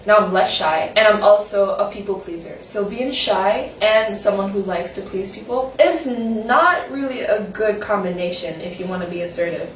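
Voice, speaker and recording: A woman's voice: mid-range voice, recorded from a distance, slight background noise. Young woman vlogging in a roomy space. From Saint-Martin. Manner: candid, rambling, self-conscious. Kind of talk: personal vlog chat. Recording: roomy echo, voice from the mic, faint ambience.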